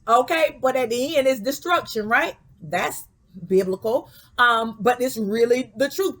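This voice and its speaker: Woman spiritual teacher with a high voice. Casual, preachy and vernacular, and she keeps asking "okay?". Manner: preachy, repeats "okay?" and "you know what I'm saying" to the listener. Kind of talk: spiritual guidance talk.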